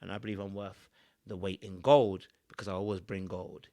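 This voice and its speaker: A man's voice: low voice, flat delivery, moderate pace, dark tone. A man, a relationship coach giving emphatic, preachy reaction commentary.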